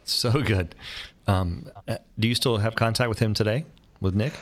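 Podcast host guy, low-ish voice, jokey, lots of ums and uhs. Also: moderate pace. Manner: upbeat, joking, many fillers. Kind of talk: casual podcast hosting.

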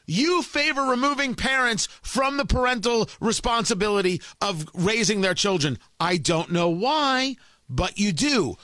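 A man's voice: very high-pitched, normal speed, sharp tone, no echo. A man hosting a political commentary show, delivering an emphatic, combative opinion monologue full of rhetorical questions.

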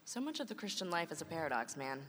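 Bright wry woman in a reverberant hall. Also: low-pitched, big pitch swings, fast talker, a little hiss or hum. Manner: wry, playful humor. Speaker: co-host, mother. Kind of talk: scripted conversational reading.

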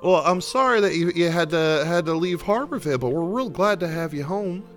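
Hearty Southern merman farmer dad, voiced by a man, high and folksy, tabletop game. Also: lively intonation, fairly quick, fairly bright tone, faint music behind. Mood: warm. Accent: American Southern. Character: kindly middle-aged merman farmer father.

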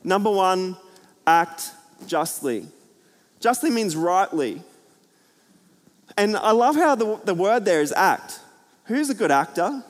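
A man preaching a sermon to a church, chatty and energetic, full of fillers and jokes. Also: sits high, measured pace, long pauses. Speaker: pastor. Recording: hall reverb.

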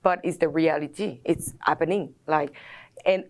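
A woman's voice: deep voice, fairly even intonation, normal speed. A woman with a Quebec French accent, a French native speaker, talking hesitantly with many fillers as a reporter guest. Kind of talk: casual conversation.

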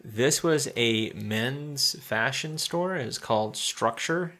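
A man's voice: medium pitch, slow pace, fairly bright tone. A man in his forties co-hosting a casual movie podcast, laughing often and swearing freely. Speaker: podcast co-host. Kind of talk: casual movie review chat.

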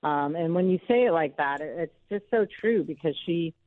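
A woman's voice: deep voice, animated, normal speed. A woman guest telling stories in an earnest, emotional way during a phone interview. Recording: tinny phone line.

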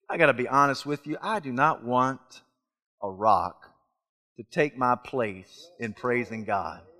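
A man preaching a sermon in a church, animated, asking rhetorical questions and swinging from hushed to shouting. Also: on the high side. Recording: long reverb of a large hall.

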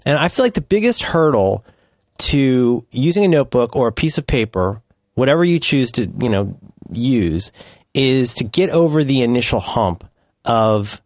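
A man's voice: medium pitch, animated, moderate pace, darkish tone, dry recording. Guy riffing on a podcast, bouncy jokey delivery, super dry mic. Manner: playful, riffing, jumps into silly voices. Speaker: podcast co-host. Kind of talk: casual chat.

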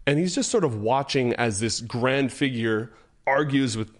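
A man's voice: medium pitch, normal speed. A man narrating a tabletop game as game master, descriptive and self-correcting as he goes.

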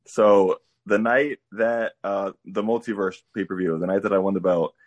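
Man, husky low voice, lively anecdote on a podcast. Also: moderate pace, dull audio. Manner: animated storyteller, laughs while telling. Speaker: guest wrestler. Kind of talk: casual podcast storytelling.

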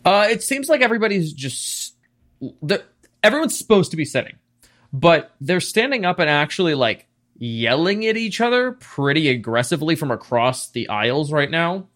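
A man narrating a tabletop role-playing game as game master, describing scenes at length in a lively way. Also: fairly high pitch, moderate pace.

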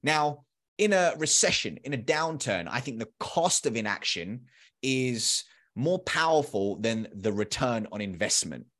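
A man's voice: medium pitch, unhurried. A man in his thirties, a sales trainer, talking energetically as a podcast guest with emphatic repeats. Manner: animated, acts out quoted dialogue; emphatic repetition.

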